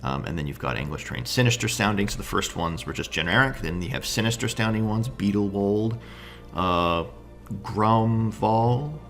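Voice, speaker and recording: A man's voice: on the low side, expressive, normal speed, a bit bright, faint music behind. A man casually reviewing tabletop game books, enthusiastic and thinking aloud, often asking "right?".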